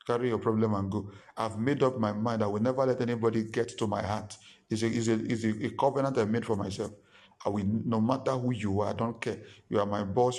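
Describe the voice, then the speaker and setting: An emphatic male pastor in the middle of a sermon. He has a voice of ordinary, middle pitch. He repeats his points and slips into quick impressions of his listeners. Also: a little mellow. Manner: emphatic and repetitive, acts out quoted listeners.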